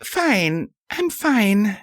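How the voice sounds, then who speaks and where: A man's voice: high voice, big pitch swings, very slow, fairly bright tone, no echo, pitched above the performer's own voice, heavily acted. A man voicing a tough, jumpy young mare heroine in an audiobook, terse and commanding. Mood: uneasy. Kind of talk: audiobook character voice.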